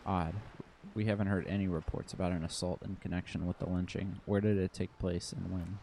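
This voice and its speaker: A man's voice: sits low, flat delivery, fairly quick, vocal fry, mellow, a little hiss or hum. A man reading the lines of a dry, methodical police lieutenant, terse and matter-of-fact.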